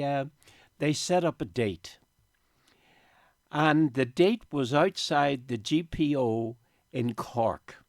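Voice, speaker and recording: A man's voice: medium pitch, no echo. Older man, radio guest, heartfelt storytelling, close dry studio mic. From Northern Ireland. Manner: emotional storytelling, tearful at times. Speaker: interview guest. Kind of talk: radio interview. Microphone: studio microphone.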